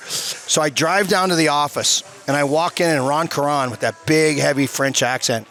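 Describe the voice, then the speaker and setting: Brief: ex-player in his fifties, salty storyteller, bright forceful voice, sits a bit high. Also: moderate pace, few pauses. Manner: animated, swears a lot, acts out quotes. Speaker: former hockey player, guest. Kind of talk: profane storytelling in a casual interview. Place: bar.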